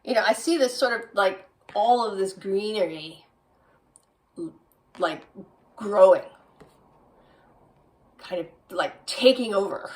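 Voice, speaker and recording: A woman's voice: mid-range voice, slow, long pauses, far from the mic, poor audio. A woman giving a tarot reading, musing aloud with frequent "right?" tags. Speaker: tarot reader.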